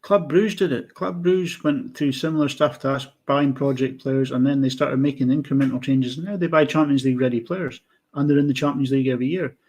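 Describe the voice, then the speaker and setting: A man chatting football on a podcast in a blunt, opinionated way. He talks with animated swings and firm views. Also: mid-range voice, brisk. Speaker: podcast co-host. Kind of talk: casual football chat.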